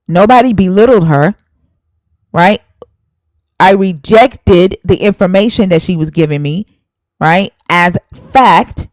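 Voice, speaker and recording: A woman's voice: medium pitch, no echo, poor audio. A woman hosting a live stream, arguing heatedly and scolding a viewer while citing scripture verses. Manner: emphatic, scolding, cites scripture.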